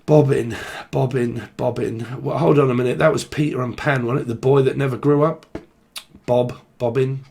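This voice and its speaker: A man's voice: medium pitch, steady tone, moderate pace, creaky, a little mellow, slightly rough. A young man with a London-area English accent, giving a rambling, swear-filled casual tarot reading. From Britain. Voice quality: swears a lot, slangy and rambling. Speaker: tarot reader. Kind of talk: casual tarot channelling monologue.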